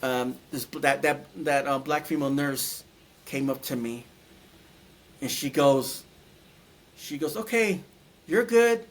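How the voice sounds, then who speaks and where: A man recounting a near-death experience as an interview guest, speaking haltingly with many restarts and repeated words, and growing tearful when moved. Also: medium pitch, flat delivery, a little hiss or hum. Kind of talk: emotional personal account.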